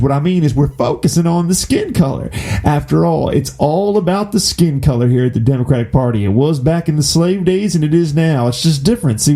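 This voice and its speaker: A man's voice: fairly high pitch, warm tone. A man doing a mocking impression of a smug, scolding female politician, sarcastic and preachy.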